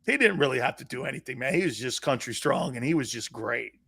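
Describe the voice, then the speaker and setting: This middle-aged host of a live sports talk show speaks quickly with lively intonation, vocal fry, and a slightly rough edge. Blunt and brash, he swears freely, lurching between booming bursts and murmured asides.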